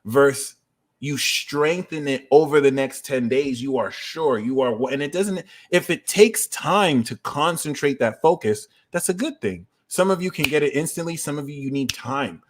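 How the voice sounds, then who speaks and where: A man hosting an astrology livestream, walking viewers through planetary transits in an energetic, conversational way with quick asides. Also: on the high side. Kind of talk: explaining astrology transits to a live audience.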